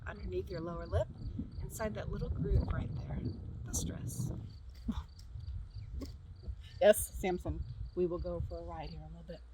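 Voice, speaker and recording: The same farm setting features a middle-aged female counselor talking fast in a lowish, fairly even voice over a noisy background. She demonstrates tapping in a casual, chatty way, repeats short cue phrases and laughs easily.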